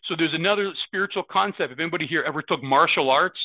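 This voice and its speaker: A fifty-something American man shares earnestly at a recovery meeting, repeating words and often asking a rhetorical "right?". His voice is on the high side and quick, with no echo and a narrow, phone-like sound.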